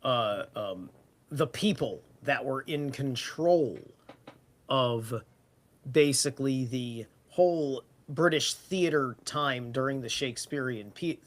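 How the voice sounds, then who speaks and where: A man's voice: mid-range voice, slow pace. A man in casual podcast chat, rambling and swearing casually as he thinks aloud.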